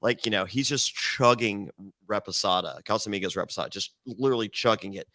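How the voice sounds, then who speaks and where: A man guest on a podcast, telling stories in a rambling, animated way with many restarts. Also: fairly low pitch, a little fast, no echo. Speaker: reality TV contestant guest. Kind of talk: casual podcast storytelling.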